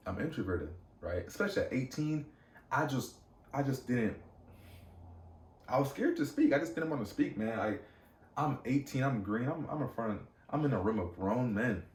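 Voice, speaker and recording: A young man hosting a podcast, telling a personal story in a casual, slangy, animated way with many fillers and restarts. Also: mid-range voice, far from the mic. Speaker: podcast host. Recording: echoey room, off-mic.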